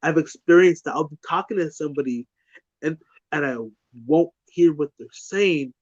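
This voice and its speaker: A young man chats casually, swearing freely and circling back over the same words. His voice sits a little high. The sound is dry and slightly dull. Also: moderate pace, no room sound. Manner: profane, rambling, repeats words. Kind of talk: casual chat.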